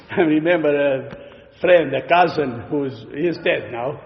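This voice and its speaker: Male preacher, high voice, slow and emphatic, explanatory sermon, roomy echo. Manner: explanatory, emphatic, with frequent fillers. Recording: echoey hall, dull lo-fi sound.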